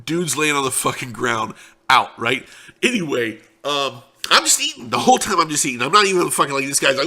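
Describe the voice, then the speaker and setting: A man's voice: mid-range voice, sing-song, a little fast, bright, forceful tone. A young man telling a casual, profane, rambling anecdote in a laid-back way. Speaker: storyteller.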